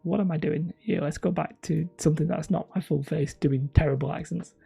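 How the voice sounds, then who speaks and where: A woman's voice: low-pitched, steady tone, brisk, gravelly, mellow, breathy edge, faint music behind. A woman hosting a live stream, chatty and self-mocking, wandering off topic and sounding tired. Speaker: channel host streaming. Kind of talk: rambling live-stream chat.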